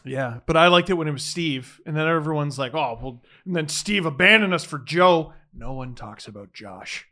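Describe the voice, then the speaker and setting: A man in his thirties hosts a casual podcast, full of jokes and exaggeration. His voice is high for a man, very bright, and swings widely in pitch. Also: normal speed. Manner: lively, jokey, exaggerated. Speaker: podcast host. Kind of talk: casual chat.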